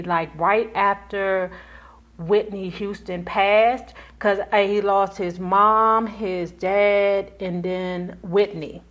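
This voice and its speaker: A woman's voice: mid-range voice, sharp tone, lo-fi sound. Chatty woman host, slurring through a retainer. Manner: slightly slurred speech from a retainer; chatty, addresses viewers as y'all. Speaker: YouTube commentary host. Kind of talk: casual chat.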